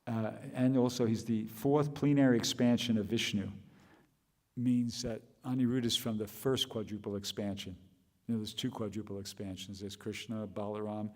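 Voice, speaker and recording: A man's voice: lowish voice, steady tone, normal speed, darkish tone, long reverb tail. A man giving a scripture class, thinking aloud with restarts and rhetorical questions.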